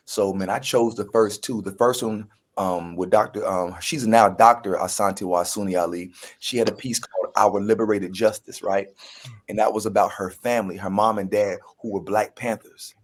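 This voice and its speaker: Animated man telling a story. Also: on the low side, moderate pace. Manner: animated storyteller, acts out quoted voices, many restarts. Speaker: guest actor. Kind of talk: casual storytelling interview.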